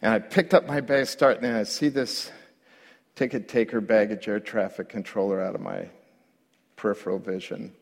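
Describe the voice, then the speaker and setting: A middle-aged man, a pastor, telling a story in a sermon with lively delivery that climbs and grows louder when he relives his own panic. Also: on the low side, normal speed. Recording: long hall reverb.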